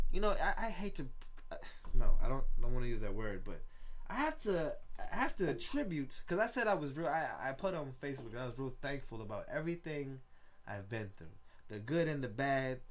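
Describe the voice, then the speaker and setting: A man, hosting a casual solo podcast in a loose, rambling, excitable way, swearing often. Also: medium pitch. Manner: rambling, loose and excitable, with frequent profanity and laughs. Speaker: podcast host.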